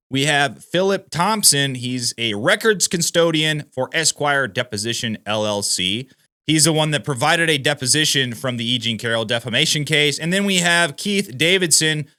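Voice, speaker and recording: A man's voice: mid-range voice, sharp tone. A man hosting political news commentary in a casual, emphatic way, calling his viewers "guys".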